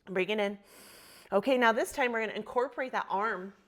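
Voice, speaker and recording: A woman's voice: mid-range voice, fairly quick. A woman teaching a yoga class, cueing poses and breath with encouraging, motivational talk and spoken affirmations. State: slight frog in her throat. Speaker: yoga instructor. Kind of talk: guided yoga class instruction.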